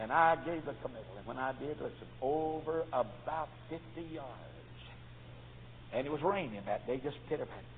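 A preacher delivering a revival sermon, swinging from hushed storytelling to loud fervent shouts. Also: male voice, on the high side, normal speed, slight background noise. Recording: tinny lo-fi recording in a reverberant church.

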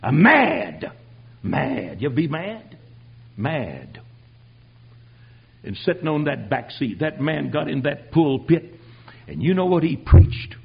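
An older man preaching his own testimony, telling it dramatically and swinging from hushed tones to shouting. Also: a little high, big pitch swings, slow, gravelly, pauses often, slightly rough, highs cut off. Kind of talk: sermon testimony.

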